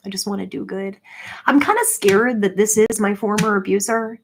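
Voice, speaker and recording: A woman in her forties talking to her viewers in a rambling, casual monologue, halting often and filling her speech with "like". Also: mid-range voice, fairly even intonation, a little hiss or hum. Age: 40s. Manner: halting, heavy with "like" fillers.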